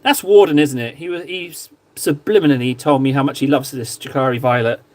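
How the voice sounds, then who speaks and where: A man casually chatting to his stream viewers while painting models, joking around and sometimes mock-shouting at them. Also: mid-range voice, a little fast. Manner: playful, jokey, mock-shouts insults at viewers. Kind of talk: casual live-stream chat.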